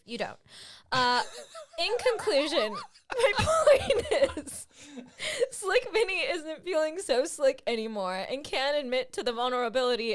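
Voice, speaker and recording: Young woman, comic script reading, deadpan narration, fairly high voice. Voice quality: deadpan narration broken by laughter. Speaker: comedian reading her own script.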